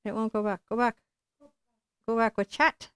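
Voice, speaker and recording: A woman's voice: a little high, level tone, normal speed, fairly bright tone, smooth, no echo, studio quality. A woman giving a live painting tutorial, chatting and encouraging as she works and thinking aloud. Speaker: painting instructor.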